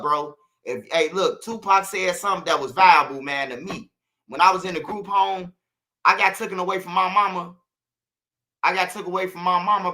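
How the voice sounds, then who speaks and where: Talking straight to his viewers, this Chicago-accented man from Chicago runs his channel with a preachy, repetitive monologue full of slang. His high-pitched voice sounds pushed and bright.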